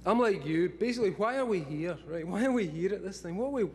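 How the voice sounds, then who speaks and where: A man's voice: sits high, fast talker, slight background noise. A Scottish man in his forties giving a rambling talk to a live audience, swearing freely and laughing often. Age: 40s. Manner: profane, laughing often, excitable. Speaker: speaker at a live event.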